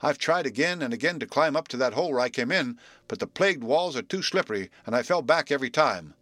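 A man's voice: mid-range voice, expressive, fast talker, fairly bright tone, dry recording. A man voicing a good-humored young man with a wry, joking manner in a storybook reading.

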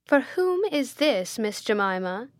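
A woman voicing a stern, pompous elderly schoolmistress who speaks slowly and coldly in a commanding way. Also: on the high side, sing-song, no echo. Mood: cold, imperious. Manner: slow, haughty, commanding. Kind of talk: audiobook character voice.

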